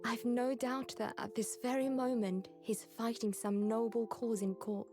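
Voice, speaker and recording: A woman voicing an earnest, formal young woman in a game, speaking in a measured, polite way. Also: a little high, fairly even intonation, over music. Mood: wistful. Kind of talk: game voice acting.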